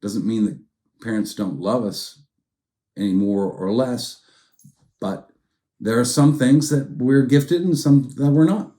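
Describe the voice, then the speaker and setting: A man's voice: medium pitch, slow pace, long pauses, mellow. A man preaching a sermon as pastor, telling a story in a conversational way and acting out quoted lines in different tones of voice.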